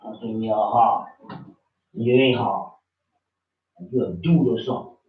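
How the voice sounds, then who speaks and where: A man's voice: on the low side, unhurried. An older man in a congregation, talking in a rambling, blunt and worked-up way. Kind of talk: heated rambling talk. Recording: dull echoey room from far off.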